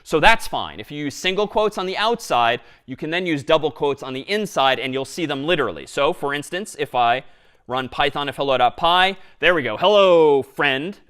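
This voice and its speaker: Male lecturer, fairly high voice, walks through live code step by step with lively energy. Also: a little fast, clean tone. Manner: explains step by step, lively and engaged. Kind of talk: university lecture with live coding.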